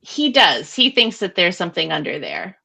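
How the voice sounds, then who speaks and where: A woman co-hosting a podcast, recapping a book in casual, animated chat full of fillers. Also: lowish voice, moderate pace, gravelly, husky. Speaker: podcast co-host.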